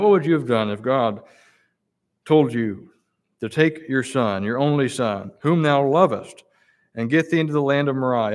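A man preaching a sermon. He reads scripture in King James wording and presses the listeners with slow, emphatic rhetorical questions. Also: medium pitch.

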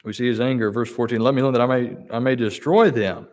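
A man's voice: mid-range voice, fairly even intonation, quick pace, darkish tone. Man preaching, reading scripture aloud. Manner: reads verses aloud and repeats key words for emphasis.

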